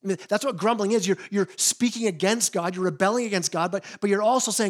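A man with a fairly high voice preaches a sermon to his church. He sounds earnest and often stumbles over repeated words as he drives a point home. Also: fast talker, few pauses. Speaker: pastor.

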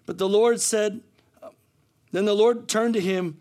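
High-voiced man preaching, soft then shouting. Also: fairly even intonation, measured pace, long pauses. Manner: swings from soft and low to loud shouting; preaching with many repetitions and restarts. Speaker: pastor. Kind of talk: sermon.

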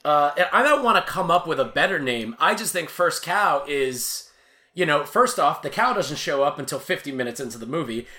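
A man with a bright, forceful voice that sits a little high chats about films on a podcast. He is opinionated and joking, and he slows down to lean on his points. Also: expressive. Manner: opinionated, joking, drawn-out emphasis. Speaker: podcast co-host. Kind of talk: casual film discussion.

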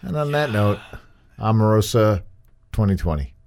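A man hosting a podcast, in a relaxed, wry casual chat with mostly brief replies. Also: lowish voice, moderate pace. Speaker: podcast host.

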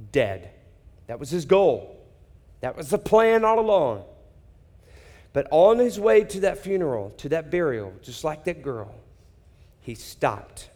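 A man preaching a sermon, dramatic, acting out people's reactions and dropping to hushed emphasis. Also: on the high side, long reverb tail. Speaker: pastor.

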